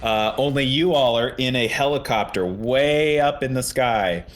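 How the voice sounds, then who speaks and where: A man's voice: medium pitch, a little slow. A man narrating a tabletop game as game master, rambling, with many fillers and restarts.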